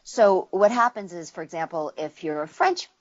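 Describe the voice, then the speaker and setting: Woman dialect coach, casual interview guest, a touch low in pitch, slightly muffled recording. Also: sing-song, moderate pace. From United States. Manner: explanatory, demonstrates sounds with her voice.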